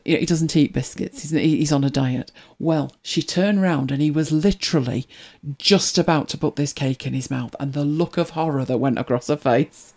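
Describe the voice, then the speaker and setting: A woman hosting a casual livestream, chatting and telling wry anecdotes as she reads viewer comments. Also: normal speed. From Britain. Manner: chatty, wry storytelling with lively pitch swings. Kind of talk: casual chat.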